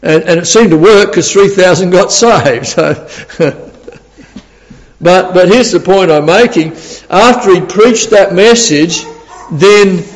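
A man's voice: high voice, slow pace, in a large hall, poor audio. A man preaching a sermon in a chatty, storytelling way, laughing often and repeating words as he goes.

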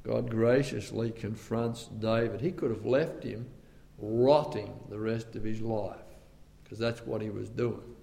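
A male preacher delivers a sermon in a low-ish, creaky, unhurried voice with fairly even intonation, yet he swings dramatically from loud outbursts to hushed tones. Between scripture quotes he drops conversational asides. A large hall's long, ringing reverb surrounds him.

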